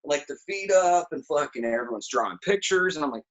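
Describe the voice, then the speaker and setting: A man's voice: a little high, brisk, low-quality recording. A man as a podcast guest, telling profane stories in casual chat. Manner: animated, profane storytelling.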